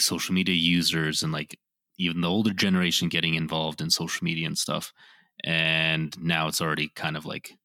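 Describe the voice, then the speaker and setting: A man's voice: very deep voice, no echo, studio quality. A man co-hosting a podcast in casual chat, talking in a laid-back way with lots of "like"s. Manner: relaxed, many fillers like "like". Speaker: podcast co-host.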